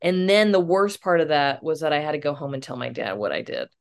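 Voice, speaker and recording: A young woman, a comedic actress, telling a self-mocking story as a podcast guest, animated and swearing casually. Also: low-pitched, a little fast.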